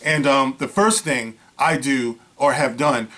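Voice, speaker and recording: A man's voice: mid-range voice, measured pace, sharp tone. A man seated and giving a casual commentary monologue, talking conversationally and acting out scenes along the way. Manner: conversational, acts out scenes, many fillers like "you know". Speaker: vlogger. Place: seated indoors.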